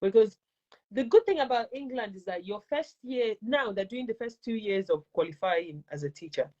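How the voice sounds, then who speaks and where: Animated Nigerian-accented woman teacher. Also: medium pitch, moderate pace. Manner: animated, emphatic, repeats advice for stress. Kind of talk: casual interview chat. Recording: dull lo-fi recording.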